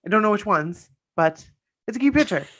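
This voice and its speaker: A woman's voice: medium pitch, expressive, brisk, fairly bright tone. A woman co-hosting a casual podcast, gushing and chatty as she reads out listener stories. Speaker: podcast co-host.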